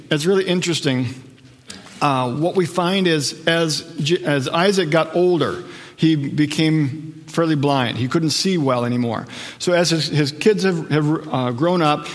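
Speaking in a fairly high voice that echoes through a big room, a middle-aged pastor preaches. His sermon unfolds as conversational storytelling, with quotes acted out.

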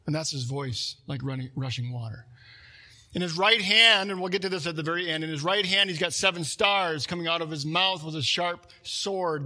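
Bright, husky-voiced preacher man. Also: fairly high pitch. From Minnesota. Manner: conversational preaching with asides and jokes. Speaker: pastor. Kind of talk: sermon.

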